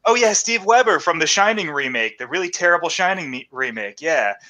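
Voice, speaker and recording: Bright-voiced sarcastic man. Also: on the high side, expressive, fairly quick, poor audio. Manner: sarcastic, swears, laughs often. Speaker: podcast co-host. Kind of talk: casual movie podcast chat.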